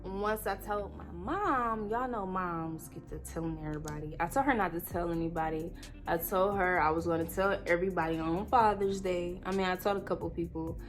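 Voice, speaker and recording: A woman's voice: lowish voice, fairly quick, faint music behind. A woman in her twenties telling an emotional story on her vlog. She talks tearfully, laughs through the tears and rambles with many fillers. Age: 20s. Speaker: vlogger.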